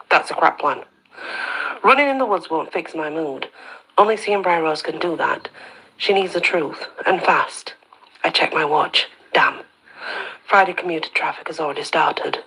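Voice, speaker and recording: Woman, reading a story aloud, low husky voice, bright forward tone, half-whispered dips. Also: moderate pace, rough recording. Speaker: storyteller, channel host.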